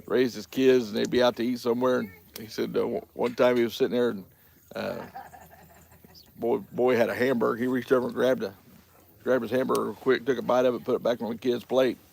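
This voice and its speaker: A man's voice: mid-range voice, flat delivery, brisk, creaky, darkish tone. A man hosting a casual livestream, telling folksy stories and laughing often. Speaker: livestream host. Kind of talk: casual chat reading live chat.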